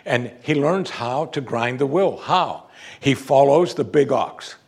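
A middle-aged man preaches with a slightly husky voice. His pitch rises and falls in lively swoops as he drives points home, then drops low and quiet. It is the steady cadence of a pastor at the pulpit. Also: slow pace. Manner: animated, preacherly, swinging from loud emphasis to low quiet. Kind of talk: sermon.

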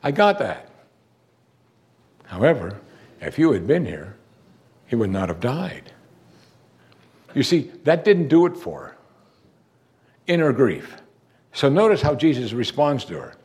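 A male preacher delivers a sermon in an expressive, storytelling way. His pitch sits in the middle but moves a great deal, rising and falling as he acts out the people in the story. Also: a little slow, pauses often. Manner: expressive, acts out quoted lines with big pitch swings.

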